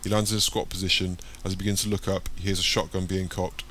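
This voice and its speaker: A man narrating an audiobook in a plain, steady reading voice. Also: sits low, fast, a little hiss or hum.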